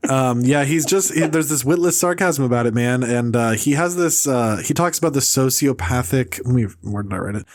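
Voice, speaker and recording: Animated man ranting on a podcast. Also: medium pitch. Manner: animated, mocking impressions, swears, quick laughs. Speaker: podcast host. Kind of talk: casual podcast chat.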